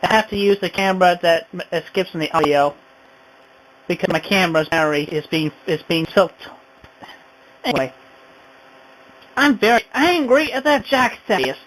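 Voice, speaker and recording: A woman's voice: lowish voice, animated, moderate pace, long pauses, a little hiss or hum, low-quality recording. A woman vlogging an indignant, rambling rant, sighing often. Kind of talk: ranting home vlog.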